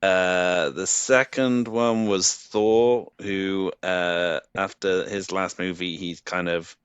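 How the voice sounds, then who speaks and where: A man from England co-hosting a casual comics podcast, talking in an unhurried, halting way with many fillers. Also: sits low, fairly even intonation, clean tone, dry recording, dull audio. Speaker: podcast co-host. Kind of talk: casual chat.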